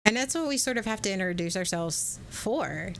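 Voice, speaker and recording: A woman's voice: medium pitch, lively intonation, gravelly, a bit bright, a little hiss or hum. A woman co-hosting a podcast, reflecting candidly and earnestly, often stopping and restarting her sentences. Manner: earnest, halting, with frequent restarts. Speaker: podcast co-host.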